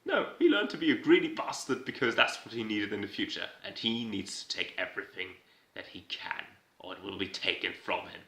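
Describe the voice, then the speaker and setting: A man recaps casually, rambling and swearing with an irreverent edge. His voice is bright and forward. The room around him is noticeably roomy. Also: on the low side, expressive, brisk, creaky. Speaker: video host recapping a TV episode. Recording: roomy echo.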